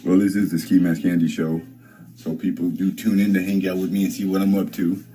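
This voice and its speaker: A young man hosting his own livestream, telling a story in a rambling, profane way with lots of halting restarts. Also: sits low, flat delivery, warm tone, soft background music, poor audio. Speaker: livestream host. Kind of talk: casual livestream chat.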